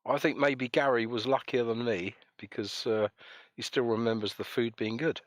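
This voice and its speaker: With a steady, medium-pitched voice at normal speed and no echo, this man runs a live stream. The tone is a casual voice-call chat as he jokes around, rambles and reads out what viewers post.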